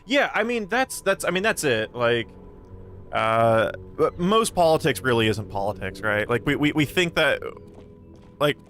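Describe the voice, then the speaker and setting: A man's voice: mid-range voice, big pitch swings, a little slow, a bit bright. A man streaming a game, chatting casually to his viewers in a rambling way that often trails off. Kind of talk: casual commentary while playing.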